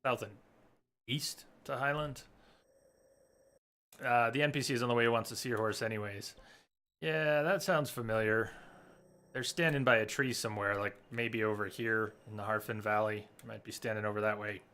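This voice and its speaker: A man's voice: lowish voice, fairly even intonation, moderate pace, long pauses, sharp tone. A man giving chatty live commentary while streaming a game, talking to his viewers and coaxing his in-game horse. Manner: chatty, talks to chat and coaxes his horse.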